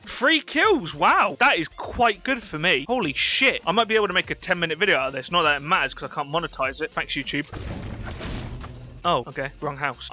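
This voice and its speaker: A young man giving excitable, sweary gameplay commentary at his computer. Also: fairly high pitch. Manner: excitable, sweary, easily startled. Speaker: gaming YouTuber.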